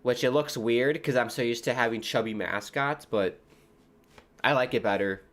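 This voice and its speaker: A man's voice: medium pitch, normal speed, a bit bright. Chatty American man calling a match live. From United States. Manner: chatty and rambling, jumping between match calls and tangents. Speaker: livestream host. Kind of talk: casual football watchalong commentary.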